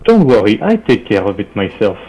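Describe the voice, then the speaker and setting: A man's voice: on the low side, big pitch swings, brisk, dark tone, faint music behind, rough recording. A man playing a secretive character who reassures a guard in broken, clipped phrasing. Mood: reassuring. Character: secretive man flashing an official letter.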